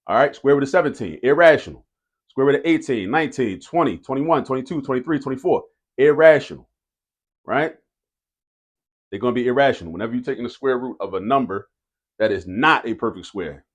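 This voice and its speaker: A man explains math to students in a relaxed, conversational way. He drills each rule by saying it again and again. His voice sits at an ordinary middle pitch. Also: brisk. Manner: repeats key rules for emphasis, casual and direct. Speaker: math teacher.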